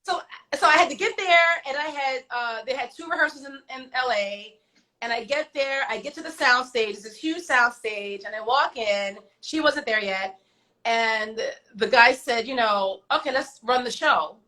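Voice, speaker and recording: A woman guest on an online show, telling her stories in a lively, chatty way. She acts out the voices of the people in them and drops in slangy asides. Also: fairly high pitch, moderate pace, rough recording. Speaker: guest singer. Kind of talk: casual storytelling. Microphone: video call.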